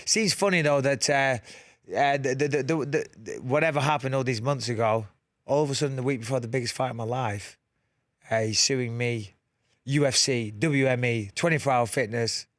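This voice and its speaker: A man's voice: medium pitch, steady tone, moderate pace, dry recording. A man with a northern English accent, talking frankly as a guest in a casual studio interview and laughing easily. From England. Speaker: guest fighter. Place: radio studio.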